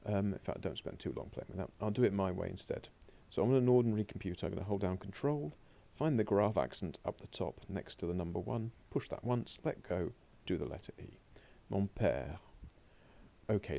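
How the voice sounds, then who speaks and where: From a laptop at home or at a classroom desk, a man with a deep, gravelly voice gives a recorded French lesson with on-screen commentary. His tone stays dark and mellow, and he chats to himself as he clicks through his slides.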